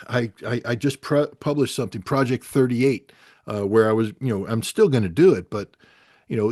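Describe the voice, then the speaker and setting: A man's voice: medium pitch, a little mellow, no echo, studio quality. A man speaking with frustration and emphasis on a talk show, often restarting his sentences. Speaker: guest commentator. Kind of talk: impassioned talk show discussion.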